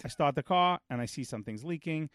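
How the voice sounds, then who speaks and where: A man with a fairly high voice co-hosts a casual podcast, telling a long story and switching into the voices of the people in it. The sound is dry and close to the mic, with no room around it. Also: animated, quick pace, a bit bright, dry recording. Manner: storytelling, acts out quoted dialogue. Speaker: podcast co-host. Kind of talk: casual chat.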